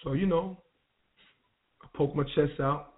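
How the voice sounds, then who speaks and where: A man on a radio show telling his life story in a relaxed, conversational way, using street slang and often restarting his sentences. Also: fairly high pitch, measured pace. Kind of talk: personal storytelling. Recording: tinny phone line.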